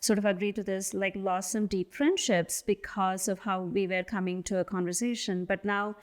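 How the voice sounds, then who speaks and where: A woman's voice: medium pitch, steady tone, moderate pace. Enthusiastic woman hosting a podcast. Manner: enthusiastic, casual, many "like" fillers. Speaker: podcast host. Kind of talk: conversational interview.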